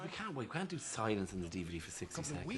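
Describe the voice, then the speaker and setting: A man's voice: lowish voice, sing-song, very fast, crowd noise. A middle-aged man and comedian commenting on his own stand-up DVD, defensive and stammering through restarts with chuckles. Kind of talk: bantering commentary. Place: commentary booth.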